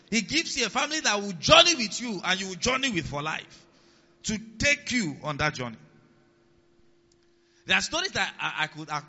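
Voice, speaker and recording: Male pastor, fairly high, very sharp-toned voice; preaches with repeated call-outs to the congregation. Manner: keeps checking in with the congregation, repeats key lines; swings between loud emphasis and quiet asides. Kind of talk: sermon. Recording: long hall reverb, dull lo-fi sound.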